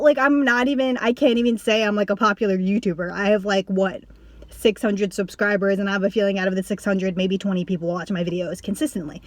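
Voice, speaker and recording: A woman YouTuber talking casually to camera, rambling, with lots of "like" and quick restarts. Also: mid-range voice, steady tone, no room sound. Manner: rambling, heavy use of "like", acts out others in a raised voice. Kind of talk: casual vlog talk to camera.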